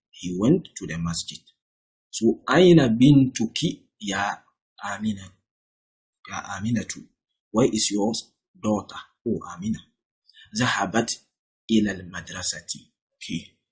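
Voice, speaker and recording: A man's voice: on the low side, darkish tone, slightly rough. A man teaching an Arabic lesson, who reads example sentences and then translates and explains each one.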